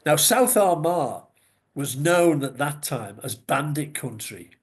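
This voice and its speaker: A middle-aged man with a Scouse accent, telling lively anecdotes as a podcast guest, with chuckles and salty asides. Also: on the high side, takes it slowly. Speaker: guest, former news reporter. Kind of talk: conversational storytelling.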